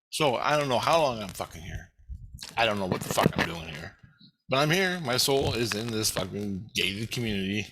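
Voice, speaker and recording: A man's voice: mid-range voice, expressive, normal speed, gravelly, a bit bright, slight background noise. A man ranting in a rambling, profane monologue, angry and swearing constantly. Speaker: vlogger.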